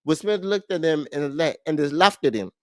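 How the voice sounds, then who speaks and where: A man co-hosting a casual podcast, retelling a movie plot in an animated way, with frequent restarts. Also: fairly high pitch, moderate pace, no room sound, clean studio sound. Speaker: podcast co-host.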